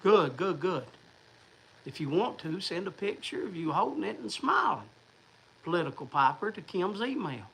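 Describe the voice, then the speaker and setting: A man's voice: sits high, very animated, normal speed, gravelly, bright, forceful tone, slightly rough, rough recording. A man hosting a livestream, talking to viewers in a rambling, chatty way. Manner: rambling, chatty, restarts and fillers. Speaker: livestream host. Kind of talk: casual livestream chat.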